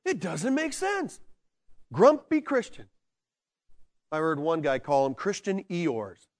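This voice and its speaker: A male pastor preaching a sermon with animated delivery, dropping into slow, quiet emphasis and then building to excited bursts. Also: fairly high pitch. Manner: slows down to stress key words.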